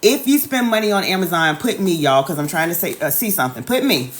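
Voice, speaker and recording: A woman in her thirties, an online business coach, hosts a live stream into her phone, giving casual sales talk. Chatty and repetitive, she keeps calling out to the chat and says "y'all" and "okay" a lot. Her lowish voice is animated, and she talks fast.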